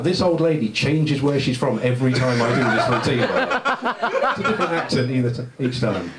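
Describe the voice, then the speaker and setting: A man's voice: mid-range voice, sing-song, normal speed, a bit bright. A man doing a stand-up comedy set, rambling and self-deprecating, chatting with the crowd in a live venue. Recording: roomy venue with audience laughter.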